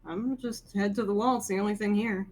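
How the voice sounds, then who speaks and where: A woman with an average-pitched voice plays in a tabletop game. She rambles through her ideas and giggles often, with faint music behind her. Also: fairly even intonation, fairly quick, darkish tone. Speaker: player. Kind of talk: casual tabletop play.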